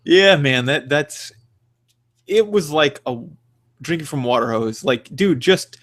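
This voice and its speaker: A man's voice: fairly high pitch, lively intonation, takes it slowly, a bit bright. A young man co-hosting a podcast, ranting animatedly about video games in casual, profane chat. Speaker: podcast co-host.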